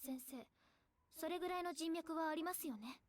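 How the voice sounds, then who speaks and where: Composed young woman, visual novel voice, curt, formal, high-pitched. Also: rapid-fire, no echo. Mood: cool.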